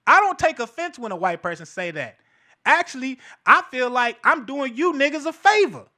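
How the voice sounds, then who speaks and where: A man's voice: very high-pitched, sing-song, moderate pace, pushed and bright. A man hosting a show, delivering a casual, profane commentary monologue and laughing between his points. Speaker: show host.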